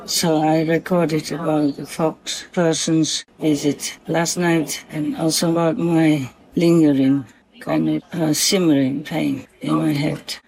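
A spiritual vlogger speaking gently at night to an unseen animal, softly giving blessings and often asking "okay?", then calmly recounting their day. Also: mid-range voice, vocal fry, low-quality recording. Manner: soft, slow, affectionate blessings with repeated "okay?".

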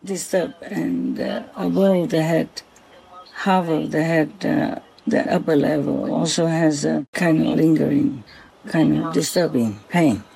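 A spiritual vlogger speaking gently at night to an unseen animal, softly giving blessings and often asking "okay?", then calmly recounting their day. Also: medium pitch, gravelly, poor audio. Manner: soft, slow, affectionate blessings with repeated "okay?".

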